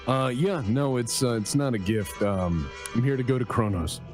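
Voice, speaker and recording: A man's voice: medium pitch, animated, normal speed, music in the background. A man chatting as a player in a tabletop game, laid-back and drawn out. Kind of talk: casual chat at a tabletop game.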